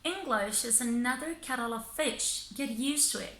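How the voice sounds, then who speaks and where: A woman teaching English in a scripted lesson, speaking slowly and deliberately and pausing between phrases. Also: fairly high pitch, a bit bright, roomy sound, rough recording. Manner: slow, deliberate, pausing by thought groups.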